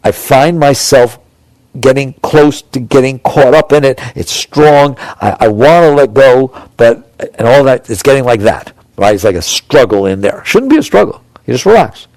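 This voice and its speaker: A man's voice: medium pitch, lively intonation, normal speed, a little mellow, no room sound. A man giving a conversational spiritual talk to an audience, acting out inner voices with small chuckles. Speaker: spiritual teacher.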